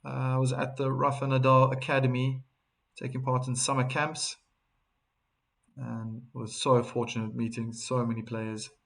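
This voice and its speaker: A man with a South African accent hosting a live tennis watchalong, chatting with viewers and breaking into excited calls on big points. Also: mid-range voice, normal speed, creaky. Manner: chatty, reads viewer chat messages aloud between calls. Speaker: host and tennis commentator.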